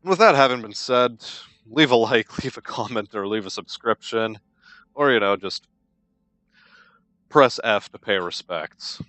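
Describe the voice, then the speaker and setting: A man's voice: on the low side, animated, measured pace, fairly bright tone, no room sound. A young man giving casual let's-play commentary on a strategy game, with dry, wry understatement.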